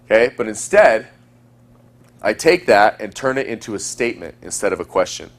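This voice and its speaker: Fast-talking man giving a casual lesson. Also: lowish voice, very animated. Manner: fast, chatty, acts out example lines. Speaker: dating coach. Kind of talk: recorded teaching lecture.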